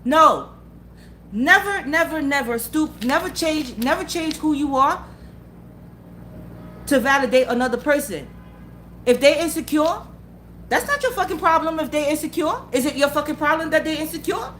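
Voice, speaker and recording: A woman's voice: high-pitched, lively intonation, moderate pace, long pauses, fairly bright tone, a little hiss or hum. A woman giving a blunt, profane motivational talk. She repeats her points and keeps asking the listener whether they follow. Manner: asks the listener for agreement again and again. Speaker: motivational vlogger. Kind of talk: unscripted motivational rant.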